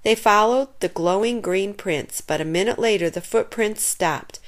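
A woman reads a children's chapter book aloud with expressive storytelling. Her voice is mid-range and her pace moderate.

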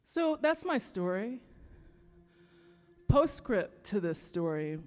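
A woman musician telling a story on stage to an audience in an earnest, reflective, halting way. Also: mid-range voice, darkish tone. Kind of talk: live storytelling talk. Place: stage in a large hall before an audience. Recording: long hall reverb, live venue.

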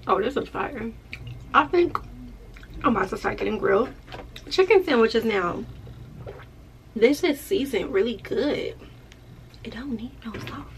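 A woman's voice: fairly high pitch, animated, unhurried, creaky, pauses often, a little hiss or hum. A chatty woman vlogging at an easy, loose pace, talking to her viewers like friends. Her voice sits in an ordinary middle range, with faint room ambience behind her. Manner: chatty, loose and playful, talks straight to viewers. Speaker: lash tech vlogger. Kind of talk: casual vlog chat.

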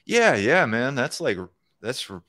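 A man chatting casually on a live programming stream, circling his point with lots of "um" and "like" and starting sentences over. His voice sits at an ordinary pitch. The mic sound is dry and close, with no room echo. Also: big pitch swings, unhurried, fairly bright tone. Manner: rambling, many fillers and restarts. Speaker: co-host of a live electronics programming show.

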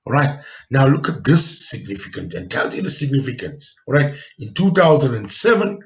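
A man teaching a geography lesson over slides. He checks in often with "okay" and "all right" and pushes key words out loudly. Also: mid-range voice, sing-song, moderate pace, gravelly. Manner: stresses key words with sudden loud pushes.

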